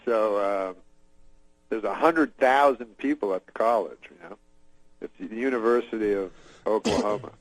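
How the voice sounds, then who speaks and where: A man telling a long anecdote in a deadpan, meandering way, with frequent filler words, restarts and chuckles to himself. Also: on the low side, normal speed, no room sound, low-quality recording. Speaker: guest. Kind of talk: rambling anecdote.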